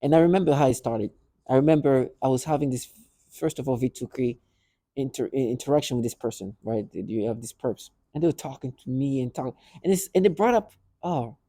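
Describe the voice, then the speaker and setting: In clean studio sound with no room noise, a male vlogger speaks expressively and fairly quickly at medium pitch, his tone warm. He rambles about his own life, restarting and repeating words as he acts out both sides of conversations he recalls.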